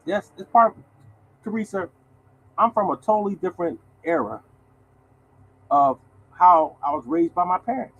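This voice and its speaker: A man's voice: sits high, normal speed, pauses often, husky, phone-quality sound. Blunt older man talking to y'all. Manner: animated, blunt, swearing, addresses audience as y'all. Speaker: lottery show host. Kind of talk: casual monologue to viewers.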